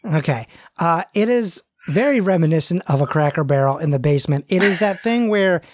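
A game master narrating a tabletop role-play, halting and full of fillers. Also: mid-range voice, lively intonation, a little mellow, slight background noise. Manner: halting, many fillers and restarts.

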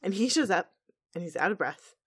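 A woman's voice: fairly low pitch, lively intonation, brisk, a bit bright, husky. A woman co-hosting a podcast, recapping a cartoon episode in a chatty, laid-back way. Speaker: podcast co-host.

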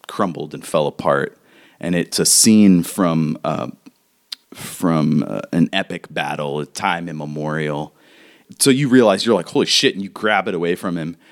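A man narrating as game master in a tabletop game, rambling with fillers and restarts. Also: low voice.

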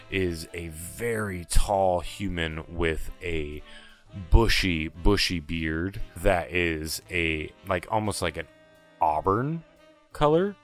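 A man narrating as game master of a tabletop game, describing scenes in a relaxed, rambling way, with faint music behind. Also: low-pitched. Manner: descriptive, relaxed, with restarts and fillers.

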